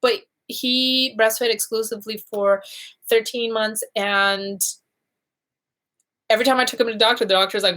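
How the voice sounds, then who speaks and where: A woman's voice: medium pitch, fairly even intonation, normal speed, a bit bright. Woman, thirties, live-stream host, casual chat, chatty storytelling, acts out quotes. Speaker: vlogger hosting a live chat.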